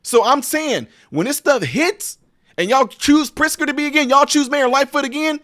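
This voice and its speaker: A man's voice: very high voice, expressive, normal speed, pushed and bright. A man hosting a live-stream political commentary, talking straight to his viewers in an emphatic, preachy way.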